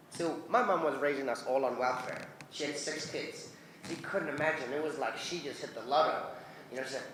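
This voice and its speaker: A man from New Zealand, with a clear Kiwi accent and a slightly higher-pitched voice, tells stories to a convention crowd. He acts out every character he mentions and laughs easily. The microphone catches a roomy hall echo and a faint hum of ambience. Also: brisk. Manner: lively, acts out voices in his anecdotes, laughs often. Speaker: convention guest. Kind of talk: animated storytelling Q&A.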